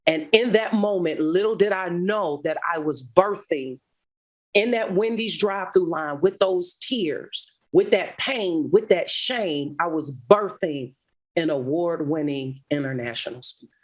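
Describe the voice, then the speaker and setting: A middle-aged woman, a guest speaker, telling a personal testimony in an animated, dramatic way. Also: fairly low pitch, a little slow. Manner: animated, dramatic retelling with laughter. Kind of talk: storytelling testimony.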